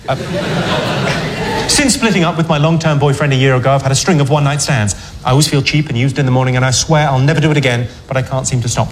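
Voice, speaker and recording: A man doing a sardonic, deadpan stand-up routine. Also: a little high, very noisy. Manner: dry, sardonic, deadpan delivery. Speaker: stand-up comedian. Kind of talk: stand-up routine reading letters.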